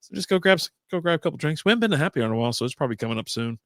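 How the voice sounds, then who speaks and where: A man's voice: a little high, expressive, racing, fairly bright tone, dry recording, clean studio sound. Laughing, swearing man on a podcast. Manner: laughs often, swears freely, loose banter. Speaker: podcast co-host. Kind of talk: casual chat over beers.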